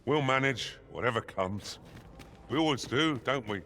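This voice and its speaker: A man's voice: mid-range voice, expressive, normal speed, background noise, lightly acted. A man voicing a loyal game companion. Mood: reassuring.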